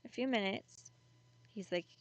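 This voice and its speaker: A woman's voice: mid-range voice, a little slow. A woman casually retelling a creepy story in a chatty, conversational way with many fillers.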